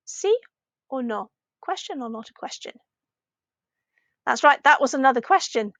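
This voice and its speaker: Animated, high-pitched woman teaching. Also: no room sound, muffled recording. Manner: slow, exaggerated modelling of phrases with rising question intonation; encouraging, patient classroom talk. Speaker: primary Spanish teacher. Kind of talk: recorded language lesson for children.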